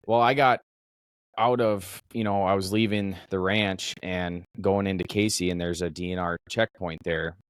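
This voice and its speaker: Low-voiced man telling a hunting story. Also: normal speed, smooth, no room sound, clean studio sound. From Minnesota. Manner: animated storytelling, swearing. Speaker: podcast host. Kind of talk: casual chat.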